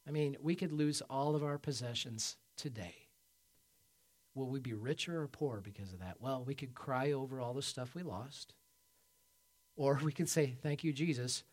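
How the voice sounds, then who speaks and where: A man preaching a sermon as pastor, emphatic, swinging from loud peaks to quiet low passages and calling for amens. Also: normal speed. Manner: asks the congregation for amens.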